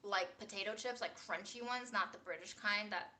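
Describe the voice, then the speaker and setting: A woman's voice: medium pitch, normal speed, sharp tone. A woman hosting a casual cooking livestream from a small home kitchen, blunt and playful as she talks.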